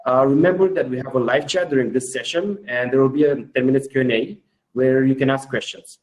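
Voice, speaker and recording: A man's voice: mid-range voice, brisk, rough recording. A man with a Russian accent opens a webinar. He is eager and informal as a host, with a mid-range voice. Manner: enthusiastic, informal. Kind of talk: hosting a webinar.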